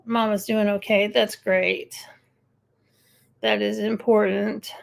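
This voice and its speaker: Woman live-streaming, casual rambling chat, slow unhurried talk, gravelly edge, answers viewer comments. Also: medium pitch, little pitch movement. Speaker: livestream host.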